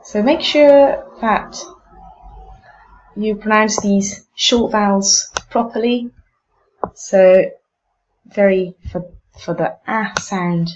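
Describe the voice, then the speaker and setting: Slow, deliberate woman teaching pronunciation. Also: mid-range voice, fairly even intonation, darkish tone, dull audio. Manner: demonstrates vowel sounds, slow and deliberate. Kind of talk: casual instructional talk.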